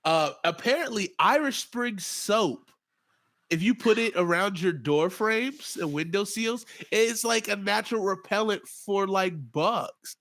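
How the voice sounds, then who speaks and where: A man's voice: high-pitched, unhurried, a bit bright. A young man co-hosting a podcast, talking in a slangy, laughing, storytelling way. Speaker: podcast co-host. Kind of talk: casual chat.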